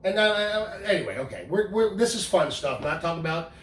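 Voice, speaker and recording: A middle-aged man co-hosts a casual countdown, talking in a joking, rambling way. His voice sits a bit high. He is picked up from a distance in an echoey room, with a faint hum of ambience behind him. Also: animated, brisk, fairly bright tone. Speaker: co-host. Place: bar with live audience.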